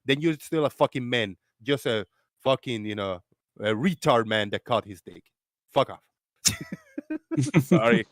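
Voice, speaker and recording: A man hosts a casual live chat over an online call, cursing freely, ranting and laughing between lines. His voice sits at an ordinary middle pitch and is recorded close and dry, with no room sound around it. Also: lively intonation, unhurried, pauses often, dry recording. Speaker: host.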